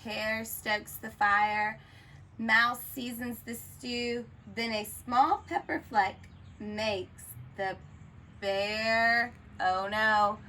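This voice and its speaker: A woman teacher reads a picture book aloud to children. Her slow, expressive delivery pauses for questions, and her voice has a slightly high, bright tone. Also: slight background noise, low-quality recording. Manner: expressive, asks the listener questions.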